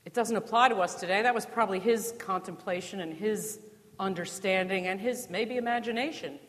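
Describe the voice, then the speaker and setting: A woman from New Jersey delivers a sermon in a church, her voice carrying a long hall reverb. She talks to the congregation conversationally, posing rhetorical questions and slipping in dry humor. Her pitch sits in a middle range for a woman. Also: brisk, a bit bright. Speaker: preacher.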